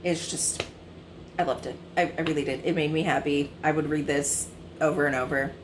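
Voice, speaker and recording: A woman in her twenties talks through her recent reads in a loose, rambling way. She pads her sentences with fillers and often corrects herself mid-thought. Her voice sits a little lower than most women's. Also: steady tone, normal speed, slight background noise. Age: 20s. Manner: chatty and rambling, with many fillers and self-corrections. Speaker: book vlogger. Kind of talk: casual book review chat.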